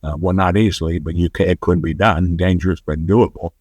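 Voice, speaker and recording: Low-voiced man telling a long story. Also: fairly quick, slightly rough, dry recording. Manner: rambling, animated when quoting others. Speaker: podcast guest. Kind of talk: conversational storytelling.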